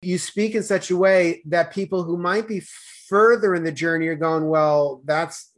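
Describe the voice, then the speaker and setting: A man with a Boston accent talking fast as a podcast guest, with stammered restarts and slurred words. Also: high voice, fairly even intonation, a bit bright. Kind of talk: casual conversation.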